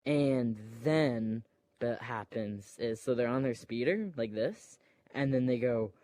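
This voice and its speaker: A man retells a film in a loose, unhurried way, pausing on fillers and acting out the scenes with sound effects. His voice sits at an average pitch for a man, and it sounds dry and close, with no room echo. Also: dark tone. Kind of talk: casual rambling retelling.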